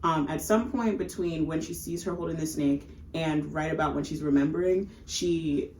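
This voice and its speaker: Female podcast co-host, low-pitched, expressive storyteller; roomy echo. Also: moderate pace, slight background noise. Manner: animated storyteller, acts out characters in high voices. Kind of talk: casual movie recap chat.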